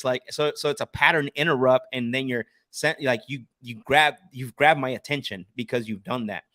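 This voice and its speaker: A man's voice: mid-range voice, normal speed, hardly any pauses, sharp tone, no echo, clean studio sound. A man coaching sales on a live stream, making cold calls and explaining them in an assertive teaching tone, often restarting his sentences.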